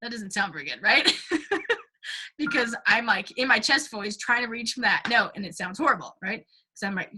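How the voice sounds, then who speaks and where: A woman's voice: fairly high pitch, expressive, moderate pace, background noise. Chatty, giggly young woman teaching singing. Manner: chatty and giggly, many ums and likes, bursts into sung demos. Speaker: singing workshop leader. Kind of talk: casual teaching to a class.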